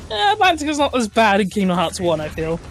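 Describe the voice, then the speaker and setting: A man's voice: high voice, wildly swooping pitch, fast, fairly bright tone. A man talking casually with friends during a game session, rambling and laughing often. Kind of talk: casual chat.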